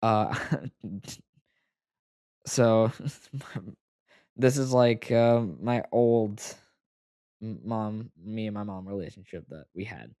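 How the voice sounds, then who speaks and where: A man's voice: fairly low pitch, fairly even intonation, mellow, clear, resonant tone, no echo. Hesitant young man telling a personal story. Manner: halting, full of fillers and restarts; emotional, close to tears. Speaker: vlogger.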